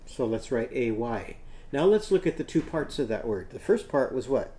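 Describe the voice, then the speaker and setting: A man teaching a children's literacy lesson, patiently sounding out words slowly while he draws. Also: medium pitch, big pitch swings, dark tone.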